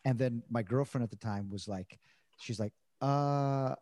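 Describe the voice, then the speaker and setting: A man's voice: lowish voice, moderate pace, dark tone. A middle-aged man hosting a casual interview, easygoing and agreeable, telling anecdotes. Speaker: interview host.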